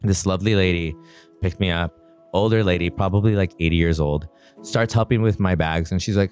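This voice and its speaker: Low-voiced man telling a personal story. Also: fairly even intonation, a little mellow, faint music behind. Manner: earnest, reflective, quick-flowing recollection. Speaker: interviewee.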